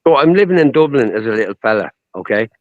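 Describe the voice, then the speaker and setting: A man's voice: mid-range voice, big pitch swings, fast, no room sound, highs cut off. Blunt, swearing man. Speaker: panelist. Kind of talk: heated live stream debate.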